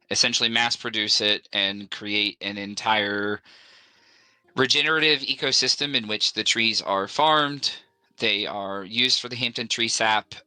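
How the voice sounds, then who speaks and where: A man playing a tabletop game who talks in an animated, playful way, joking with the table. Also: lowish voice, clear, resonant tone, no room sound, poor audio. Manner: animated, playful, jokes and laughs. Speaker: player.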